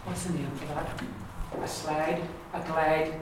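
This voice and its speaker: A man with an Ulster accent teaching an Irish pronunciation lesson, modelling words slowly and repeating them patiently. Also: a little high, level tone. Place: classroom. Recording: echoey room, mic far off, background noise.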